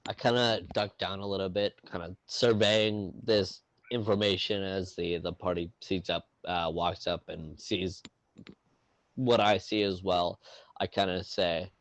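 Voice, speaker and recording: A man's voice: low voice, fairly even intonation, measured pace, dry recording. A man playing a tabletop game, describing his character's actions casually with many fillers. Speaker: player.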